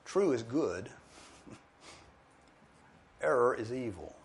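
A man's voice: medium pitch, drawn-out words, slightly rough. A man preaching an expository sermon, explaining a verse and acting out objectors' voices. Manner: animated, emphatic, mimics objectors in quoted asides.

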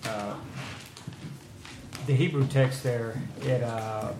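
A man in a Bible study group explaining a text in a halting way, with many fillers and restarts. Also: mid-range voice. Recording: roomy with faint noise.

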